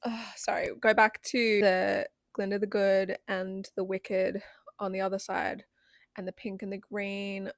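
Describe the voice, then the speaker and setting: A woman's voice: mid-range voice, level tone, measured pace, gravelly, no echo, clean studio sound. A woman hosting a reaction video, gushing giddily with frequent squeals and laughs.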